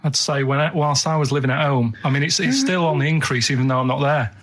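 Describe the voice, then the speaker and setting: A man on a radio chat show, telling rambling stories in a deadpan way. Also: mid-range voice, fast, a crowd in the background. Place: radio studio.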